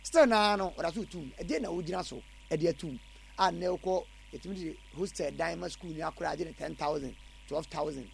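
A Ghanaian man with a high, gravelly voice talks fast and animatedly, slipping English words into his answers. A faint hiss of noise sits under the recording. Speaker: interviewee. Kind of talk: casual street interview.

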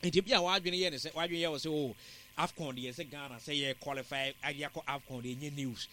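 A man giving football analysis on a sports talk show, in a measured, analytical way. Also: on the high side, fairly even intonation, pushed and bright, a little hiss or hum.

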